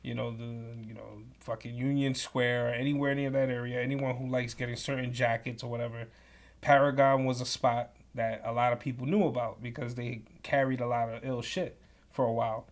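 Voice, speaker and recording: A man's voice: mid-range voice, a little fast. Profane New man telling stories. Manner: profane, animated, slangy. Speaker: podcast co-host. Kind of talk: casual storytelling.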